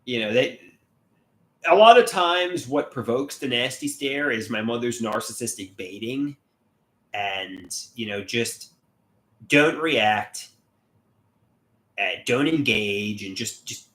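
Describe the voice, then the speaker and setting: A man chatting on a casual livestream, reading viewers' comments and answering them in a rambling way, often restarting words. His pitch moves around a lot as he talks. The voice carries the ring of an echoey room. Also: lively intonation, takes it slowly, fairly bright tone.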